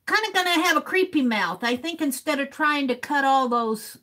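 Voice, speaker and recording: Cutting a stencil on a live art stream, a woman talks with her viewers, calling out their names and sounding out words in a playful way. Her voice is high and sharp, with lively intonation and a normal pace.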